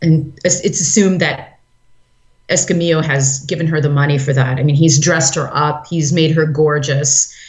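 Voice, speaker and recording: A woman co-hosting a podcast in casual chat, telling a story in an animated way and acting out quotes. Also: low voice, normal speed. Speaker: podcast co-host. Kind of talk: casual chat, retelling an opera plot.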